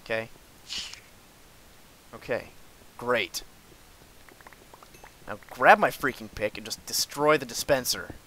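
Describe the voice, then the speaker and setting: A man's voice: medium pitch, takes it slowly, long pauses. Frustrated, sarcastic man playing a game. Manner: frustrated, sarcastic, sudden yells at monsters. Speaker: gamer. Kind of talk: let's play commentary.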